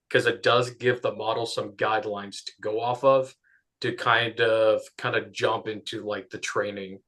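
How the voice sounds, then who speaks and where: A man's voice: lowish voice, fairly bright tone. Man musing aloud with lots of hedging. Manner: hedging, thinks aloud with many "like" fillers. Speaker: discussion participant. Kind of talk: casual technical discussion.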